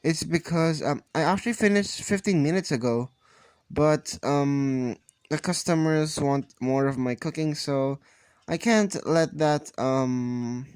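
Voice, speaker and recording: A man's voice: a little high, a little slow, a little mellow, clean tone, dry recording, close to an everyday voice. Man voicing a young male cook, cocky, friendly, teasing, dry sound.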